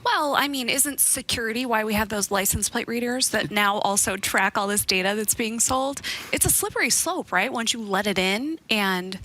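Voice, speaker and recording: A woman with a fairly high, bright voice, speaking up with doubtful questions in a relaxed conversation. She talks in a quick, pointed way. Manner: questioning, skeptical. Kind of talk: casual chat.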